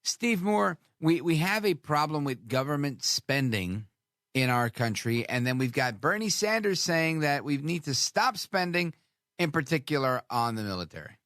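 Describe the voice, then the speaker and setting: A man's voice: fairly high pitch, big pitch swings, normal speed, fairly bright tone, no room sound, clean studio sound. A man hosting a radio talk show, chatting with his guest in a conversational, agreeable way. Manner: conversational, agreeing, chuckling along.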